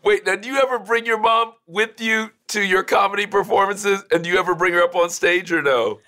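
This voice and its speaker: A man hosting a casual interview who asks curious, eager questions. His voice is bright and sits fairly high. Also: a little fast. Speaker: podcast host.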